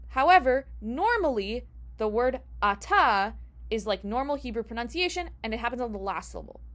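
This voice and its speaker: A woman's voice: a little high, animated, fairly quick. A young woman teaching a casual lesson as a rabbinical student, chatty, asking herself rhetorical questions and restarting her phrases.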